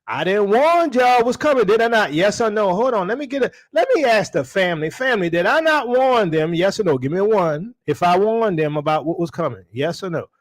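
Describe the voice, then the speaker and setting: A man's voice: high voice, expressive, a little fast, few pauses. A man preaching to his livestream audience in a casual, slangy way. He keeps asking the listeners rhetorical questions. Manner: slangy, calls the audience y'all.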